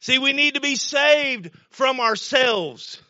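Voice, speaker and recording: Taking his time, an expressive male pastor with a very high, bright voice works through a homespun, anecdote-filled sermon. Repetition and sudden shouts drive his points, and the recording is dry and a little muffled with no room sound.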